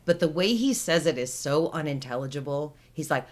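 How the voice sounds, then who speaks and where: A woman's voice: low voice, animated, a little fast, darkish tone. A woman in her forties, co-hosting a podcast in casual chat, with chatty storytelling. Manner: chatty storytelling, retelling film scenes. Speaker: podcast co-host.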